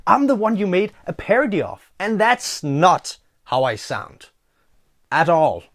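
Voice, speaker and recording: A man's voice: high-pitched, very animated, a little slow, a bit bright. A man from Denmark with a Danish accent, speaking English in a sarcastic, taunting commentary vlog. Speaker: YouTuber and hypnotist.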